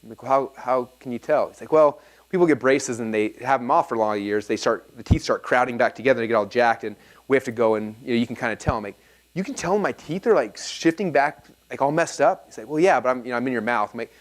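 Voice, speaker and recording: A man in his thirties giving an energetic seminar talk, telling anecdotes and acting out both sides of the dialogue. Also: medium pitch. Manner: fast, animated storytelling, acts out dialogue. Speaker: speaker at a live seminar.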